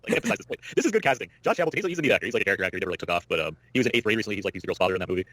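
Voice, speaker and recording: A man co-hosting a podcast in casual chat, joking and animated, with lots of "like" in his talk. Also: fairly low pitch, racing, no room sound. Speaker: podcast co-host.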